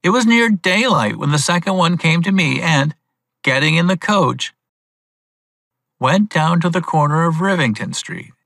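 Grudging stableman voiced by a man: slow, sullen, dry close read. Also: a little high, expressive, creaky, bright, forceful tone, no room sound, exaggerated voice. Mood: surly. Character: surly, grudging male stableman, slow-spoken.

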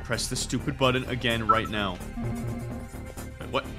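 A man giving frantic, excitable, self-mocking commentary as he plays a game. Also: mid-range voice, normal speed. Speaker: gamer. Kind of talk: let's play commentary. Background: loud game music.

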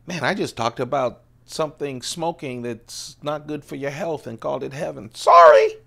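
Gravelly fifty-something man chatting casually. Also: fairly high pitch, normal speed, fairly bright tone. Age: 50s. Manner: chatty, laughs often, digresses. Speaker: EDC video host. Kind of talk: casual rambling show-and-tell.

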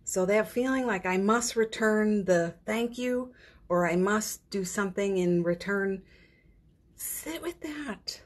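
A woman's voice: medium pitch, measured pace. A woman hosting a daily live stream from her phone at home, chatting casually about spiritual matters, laughing often and trailing off mid-sentence.

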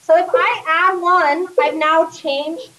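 High-voiced woman teaching math in class. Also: fairly even intonation, slow pace, bright, forceful tone, reverberant, a little hiss or hum. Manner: questioning, coaxing students step by step. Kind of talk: classroom lecture. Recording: distant classroom recording.

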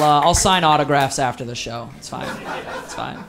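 Upbeat comedian telling a story. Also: male voice, medium pitch, brisk, over a noisy crowd, heavy background noise. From Wisconsin. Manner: animated storytelling with acted voices. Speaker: stand-up comedian. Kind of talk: stand-up comedy set. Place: live comedy venue. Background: audience laughter.

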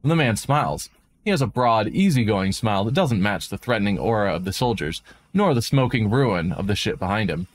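A man streaming a game, reading a visual novel aloud with dramatic narration and quick asides of his own. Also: fairly low pitch, expressive. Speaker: let's play streamer.

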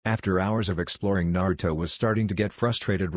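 A man narrating a fan fiction story in a flat, even reading. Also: sits low, brisk, few pauses, dry recording, studio quality.

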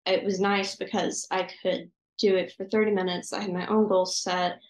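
A woman's voice: mid-range voice, flat delivery, normal speed, roomy sound, low-quality recording. A teenage girl in seventh grade, answering interview questions with enthusiastic, gushing bursts over a video call. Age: teenage 7th grader. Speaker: student guest.

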